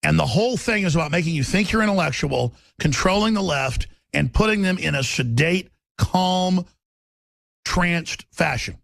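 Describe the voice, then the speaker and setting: Brief: gravelly male talk radio host, forceful monologue, sharply shifting pace. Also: a little high, expressive, fast, hardly any pauses, no room sound. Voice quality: raspy.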